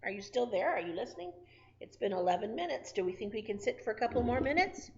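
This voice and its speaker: A woman preschool teacher leads a circle time lesson. She talks slowly and sing-song to small children. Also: a little high, big pitch swings, lo-fi sound, slight background noise.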